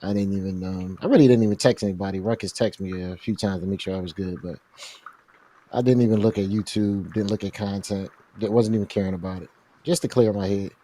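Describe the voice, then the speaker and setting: A man's voice: lowish voice, steady tone, fast talker, dark tone. A man chatting as a guest on an online talk show, laid-back and slangy in how he talks. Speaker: guest co-host. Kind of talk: casual online show chat.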